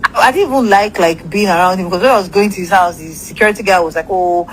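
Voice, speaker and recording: A woman's voice: medium pitch, fast talker, a little hiss or hum, low-quality recording. A woman casually telling a long personal story, rambling with asides and swearing freely.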